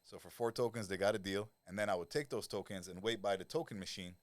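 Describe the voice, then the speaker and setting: A middle-aged man, a lifestyle coach talking as a podcast guest, who tells animated stories, swears freely and acts out the people he quotes. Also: deep voice, fast talker, dry recording. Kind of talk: casual podcast conversation.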